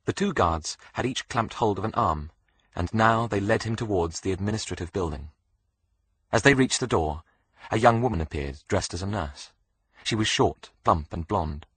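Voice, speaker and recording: A man reading a thriller audiobook in a steady, measured narration. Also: low-pitched, husky. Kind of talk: scripted narration.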